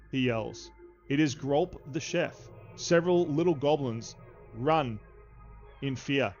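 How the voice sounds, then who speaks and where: A man serves as game master for a tabletop game, narrating with many halting fillers. His voice is medium-pitched, in a slightly dull recording with faint music behind.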